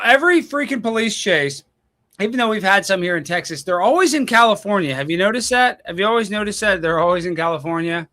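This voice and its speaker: Animated, sarcastic call-in show host. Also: male voice, sits high, quick pace. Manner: animated, sarcastic ranting, thinking aloud while searching online. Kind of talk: casual live-stream talk.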